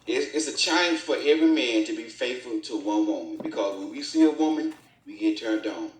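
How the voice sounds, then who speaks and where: A man's voice: mid-range voice, animated, brisk, recorded from a distance. A man co-hosting a casual relationship talk, speaking in an earnest, preachy way and quoting scripture. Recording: roomy, off-mic.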